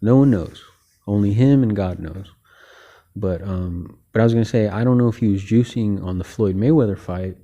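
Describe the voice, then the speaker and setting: A man hosts a loose, one-person sports chat, wandering from point to point and leaning on filler words. His voice sits a little low, with a dark, mellow tone. He comes across as relaxed and opinionated. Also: moderate pace, highs cut off. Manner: rambling, heavy on filler words like "you know". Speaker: host. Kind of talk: casual boxing talk monologue.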